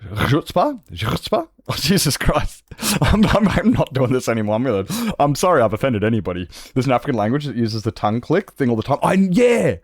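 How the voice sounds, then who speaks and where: A man's voice: mid-range voice, fast talker, no room sound. Aussie guy streaming, rambly and swears a lot, voice jumps all over, dead dry sound. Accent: Australian. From Australia. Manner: animated, rambling, swears freely. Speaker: Minecraft streamer. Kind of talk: casual livestream chat.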